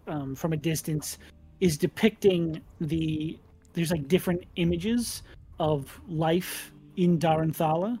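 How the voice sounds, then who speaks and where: A man running a tabletop role-playing game as game master, describing scenes in an unhurried, detailed way. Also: a little high, mellow, slightly rough.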